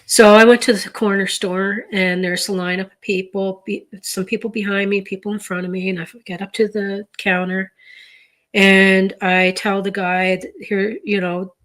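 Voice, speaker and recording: Showing a grocery haul on her vlog, this middle-aged woman from eastern Canada chats casually and rambles through anecdotes, restarting often and using plenty of fillers. Her medium-pitched voice has a fairly bright tone and little pitch variation, and her pace is moderate.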